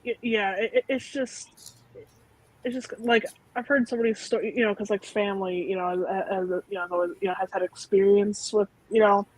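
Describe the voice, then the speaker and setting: A woman from Wisconsin chatting on a podcast, talking haltingly with many fillers and restarts. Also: mid-range voice, fairly even intonation, poor audio. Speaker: podcast co-host. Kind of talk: casual chat.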